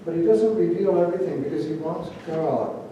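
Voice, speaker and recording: A man preaches in a relaxed, conversational way and now and then acts out the people he quotes. His voice sits high and mellow. He is heard from a distance in a very echoey church hall with faint room noise behind him. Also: brisk, lo-fi sound. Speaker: pastor. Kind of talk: sermon. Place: church sanctuary.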